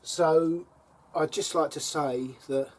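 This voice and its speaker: A middle-aged man with a husky, slightly rough voice, pitched a little high for a man. He chats casually on his allotment, telling wry stories and laughing at them. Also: fairly even intonation, slow pace, a little mellow. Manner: wry, chuckling storyteller with dry jabs. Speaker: allotment vlogger. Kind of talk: casual chat to camera. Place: allotment plot by a fire.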